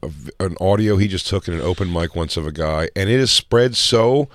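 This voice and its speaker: A man's voice: low voice, fairly quick. A man hosting a casual comedy podcast, telling stories, acting out quotes and laughing often.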